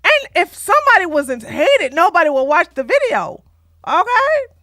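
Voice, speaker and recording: Loud, sassy woman streamer. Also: extremely high pitch, normal speed, no echo, clean studio sound. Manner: loud, animated, sassy, often laughing and shouting. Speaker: drama commentary streamer. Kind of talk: mocking drama commentary.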